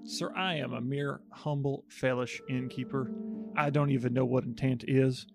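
A man's voice: medium pitch, steady tone, moderate pace, creaky, over music. A man playing a tabletop game, talking in character in a fawning, folksy patter. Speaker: player. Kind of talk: in-character tabletop role-play.

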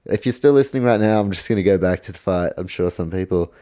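Low, mellow New man rambling. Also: fast talker. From New Zealand. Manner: rambling, self-correcting, swears, goes off on tangents. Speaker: podcast host. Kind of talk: casual solo podcast preview.

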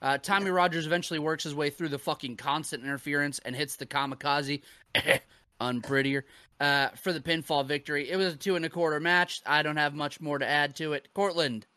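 A man's voice: a little high, steady tone, brisk, pushed and bright, no room sound. A man co-hosting a podcast, recapping wrestling matches in casual, profane chat and laughing often. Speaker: podcast co-host.

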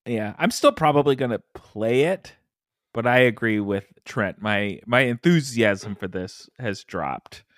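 A gaming podcast co-host with a mid-range, fairly bright voice speaks at a measured pace with lively intonation. He jokes around in casual chat and slips into silly put-on voices, recorded at studio quality with no echo.

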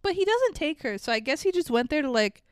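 A woman co-hosting a podcast in casual chat, animated, laughing often and swearing freely. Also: high voice, fast, no echo. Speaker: podcast co-host.

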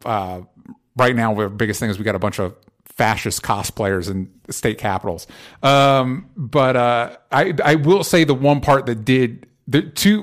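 Rambling, profane man chatting casually. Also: medium pitch. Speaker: podcast co-host. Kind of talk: casual chat about movies.

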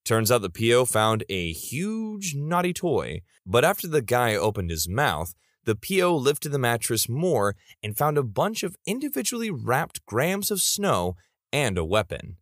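A man's voice: medium pitch, big pitch swings, measured pace, dry recording, clean studio sound. A man narrating reader stories in a comedic style, with playful asides.

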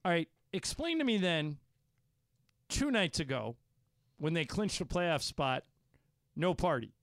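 A man's voice: a little high, big pitch swings, measured pace, fairly bright tone, no room sound, studio quality. A man hosting a sports talk radio show, pressing his co-hosts with pointed questions. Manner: argumentative, probing questions. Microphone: studio microphone.

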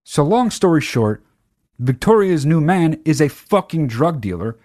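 A man hosting a casual monologue to his viewers, telling a story in a profane, excitable way with sudden loud outbursts. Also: on the high side, a little slow, no room sound, studio quality. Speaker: channel host.

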